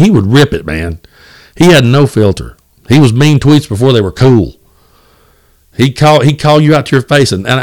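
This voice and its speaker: A man hosting a solo podcast, talking in a blunt, fired-up and profane way, often repeating words as he restarts. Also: medium pitch. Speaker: podcast host.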